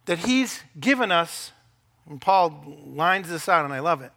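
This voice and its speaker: A male pastor preaches with a high, bright voice. He is animated, jokes with his congregation and slips into playful quoted voices to make his point. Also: unhurried. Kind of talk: sermon.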